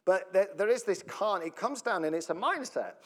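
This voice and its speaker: A man's voice: sits high, expressive, moderate pace. A man preaching a sermon as pastor, chatty and joking, often laughing and asking the congregation questions. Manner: jokey, laughs often, breaks up mid-sentence; conversational, asks the congregation questions.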